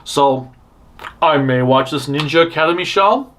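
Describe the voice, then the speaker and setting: A man's voice: fairly high pitch, unhurried, a bit bright, a little hiss or hum. A man hosting a fan news show, rambling through blunt opinions with frequent restarts and self-interruptions. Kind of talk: casual opinionated news commentary.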